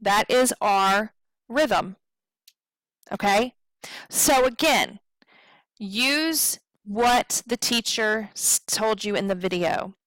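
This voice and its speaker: A woman's voice: mid-range voice, extremely slow, pauses often, fairly bright tone, no echo, poor audio. A woman teaching poetry meter in a recorded tutorial, explaining patiently, checking in with "okay?" and drawing out words to show stress. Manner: draws out words to demonstrate stress.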